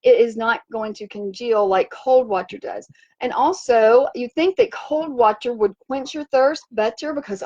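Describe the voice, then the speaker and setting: A woman hosting a motivational wellness livestream from her home, bubbly and animated, chanting and cheering. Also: on the high side, unhurried. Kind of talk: upbeat motivational livestream chat. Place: home in Fiji by the sea. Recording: dull lo-fi sound.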